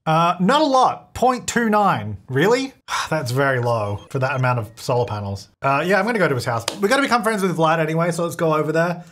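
A man's voice: a little high, big pitch swings, brisk, a bit bright. A young man giving casual commentary while playing a life-sim game, chatty and reacting aloud with frequent laughs.

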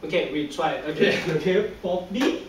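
A man's voice: sits high, moderate pace. A male language teacher drilling a class on tones, patient and coaxing, laughing often and repeating each sound as a model. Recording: echoey room, distant mic, faint noise.

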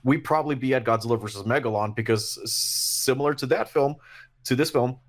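A man guesting on a film review podcast, giving his views in a measured, thoughtful way. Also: medium pitch. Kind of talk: casual review chat.

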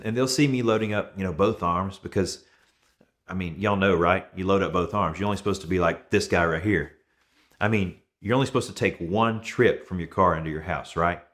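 Man, 30s, pastor, conversational sermon, somewhat low voice, relaxed storyteller. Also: a little fast. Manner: relaxed storytelling with everyday examples.

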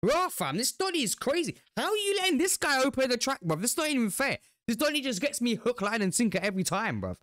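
A man's voice: very high voice, sing-song, fast, few pauses, a bit bright, no echo. British guy hyped up reacting, slangy, swears a lot, super bouncy voice, dry close sound. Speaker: reaction video host. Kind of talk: excited casual commentary.

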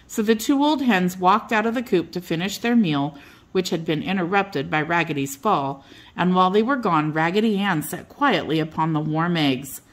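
An older woman reading a bedtime storybook aloud as a storyteller, gentle and unhurried. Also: lowish voice, animated.

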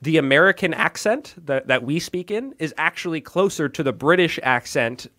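A man runs a casual science podcast, reading out articles and riffing on them. His voice sits a little high, and he talks in an animated way, tossing in quick asides. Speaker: podcast host.

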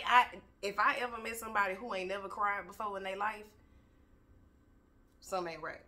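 A woman's voice: mid-range voice, bright, forceful tone. A young woman giving a candid, casual motivational talk, swearing freely and preaching with energy. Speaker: motivational vlogger.

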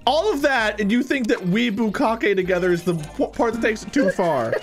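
A man's voice: high-pitched, moderate pace, soft background music. A man hosting a casual online card game session, joking and riffing with friends. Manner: joking, animated storytelling. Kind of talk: casual gaming banter.

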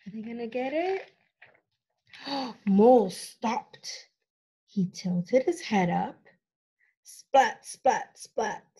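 Slow, high-voiced woman reading to kids. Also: slightly rough. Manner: animated, gasps often, drawn-out sound words; asks the young listener questions. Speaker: children's story reader. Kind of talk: reading a picture book aloud to young children.

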